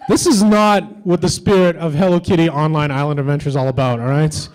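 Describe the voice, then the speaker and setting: A man's voice: fairly high pitch, steady tone, fairly quick, a little mellow, low-quality recording. A man doing a stand-up comedy set on a convention stage, with edgy, teasing banter toward the crowd.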